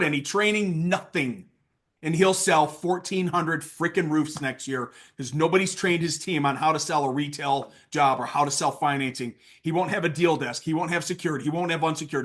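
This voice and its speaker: A man giving a casual sales training talk, blunt and worked up, swinging from loud outbursts to low asides.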